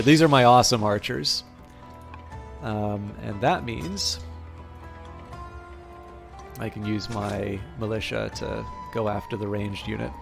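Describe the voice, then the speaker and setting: A man's voice: mid-range voice, vocal fry. Guy streaming a strategy game, talking himself through moves, lots of ums and restarts, faint game music under it. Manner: thinks aloud with frequent fillers and restarts, self-amused. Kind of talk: live strategy game commentary.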